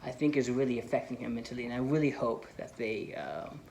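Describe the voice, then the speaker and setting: A man's voice: mid-range voice, a little fast, darkish tone. Rambling, enthusiastic young-sounding film vlogger man. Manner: rambling, lots of "like" and "you know"; enthusiastic fan. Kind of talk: casual movie commentary.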